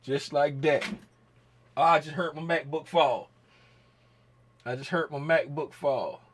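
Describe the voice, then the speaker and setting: A man hosting a trading livestream in casual chat, joking around and shouting out viewers in chat by name. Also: on the high side, steady tone, measured pace, slightly rough.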